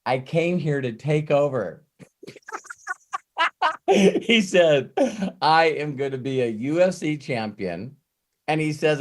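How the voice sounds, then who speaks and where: A man hosting a Q&A, retelling a story with frequent "uh" fillers before an earnest motivational pep talk, heard over a video call. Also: a little high.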